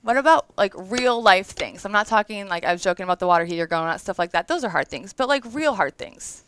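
A woman's voice: medium pitch, animated, fast, fairly bright tone, a little hiss or hum, rough recording. A woman in her thirties giving a conversational, earnest devotional talk to an audience, emotional at times. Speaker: women's event speaker.

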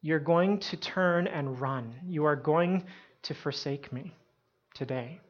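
A woman doing a calm solemn teacher. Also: sits low. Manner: quiet and measured. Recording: dull lo-fi sound.

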